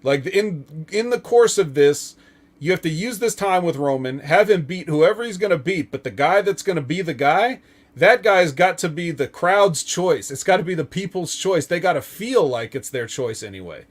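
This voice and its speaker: Man, higher voice, casual wrestling chat, rambling, lots of ums. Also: lively intonation, moderate pace. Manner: rambling, filler-heavy, chuckles often. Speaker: podcast host.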